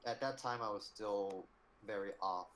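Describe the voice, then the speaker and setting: A man's voice: on the low side, moderate pace, fairly bright tone. A young man co-hosting a casual livestream, rambling in loose phrases and filling gaps with "like". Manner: rambling, heavy use of "like", trailing phrases. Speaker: co-host on a livestream.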